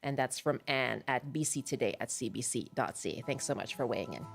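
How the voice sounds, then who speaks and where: A woman's voice: a bass voice, lively intonation, fairly quick, creaky, over loud music. A woman hosting a public radio show, friendly and chatty, laughing easily with her guests. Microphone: studio microphone.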